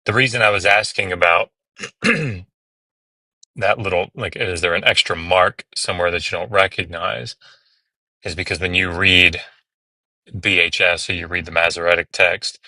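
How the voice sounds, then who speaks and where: A man's voice: deep voice, fairly even intonation, moderate pace, long pauses, bright, forceful tone, no room sound. A man hosting a live stream, patiently explaining Hebrew pronunciation step by step with many fillers. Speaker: host teaching biblical Hebrew. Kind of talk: casual live-stream tutoring.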